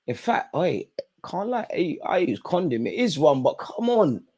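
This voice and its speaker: A man's voice: sits high, very animated, moderate pace, dark tone, husky. A young man hosting a live football watch-along, reacting to the match in an exasperated way and talking straight at the players and the referee.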